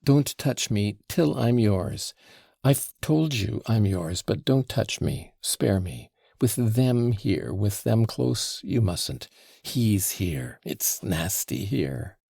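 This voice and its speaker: A man's voice: fairly low pitch, lively intonation, takes it slowly, gravelly, mellow, slightly rough, no echo, clean studio sound, exaggerated voice. A man voicing an impulsive, emotional young woman who is tipsy and pleading, in an audiobook reading. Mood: imploring. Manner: pleading, breathless.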